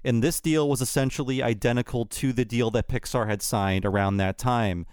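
A man's voice: mid-range voice, fairly even intonation, moderate pace, darkish tone, clear, resonant tone, no room sound. A man co-hosting a podcast, recounting studio history in a casual, conversational way. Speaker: podcast co-host. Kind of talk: casual chat.

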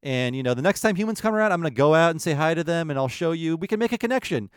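A man's voice: animated, rapid-fire, smooth, dry recording, studio quality, close to an everyday voice. A man voicing a naive, trusting young male deer who sounds cheerful and eager. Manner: cheerful, eager, high-pitched.

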